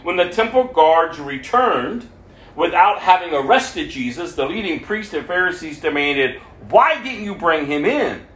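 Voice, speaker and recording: A man's voice: on the high side, big pitch swings, measured pace, a bit bright. A man preaching, reading scripture aloud and adding his own commentary, lifting his voice for the quoted speech. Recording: echoey room.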